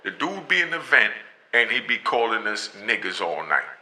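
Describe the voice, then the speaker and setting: A man's voice: lowish voice, sing-song, moderate pace, bright, forceful tone, heavily acted. A man voicing a young male inmate who talks bluntly and heatedly. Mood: complaining. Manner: blunt street talk.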